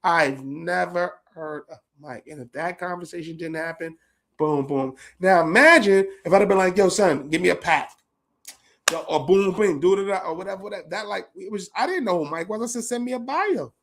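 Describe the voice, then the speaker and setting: High-voiced New man telling stories. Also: brisk. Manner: animated, slangy, profane storytelling with laughs. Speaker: podcast host. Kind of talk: casual reminiscing monologue.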